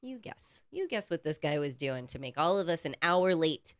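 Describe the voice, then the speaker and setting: Low-voiced woman co-host, clean smooth tone, profane storyteller, dry close mic. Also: normal speed, no room sound. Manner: animated, profane, acts out quoted people. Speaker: podcast co-host. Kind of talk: casual storytelling chat.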